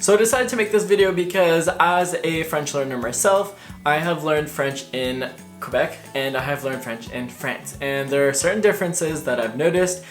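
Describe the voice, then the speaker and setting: A young woman from Canada giving a casual, friendly explanation to her viewers in a vlog. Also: low-pitched. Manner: friendly, chatty teaching tone. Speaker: language vlogger.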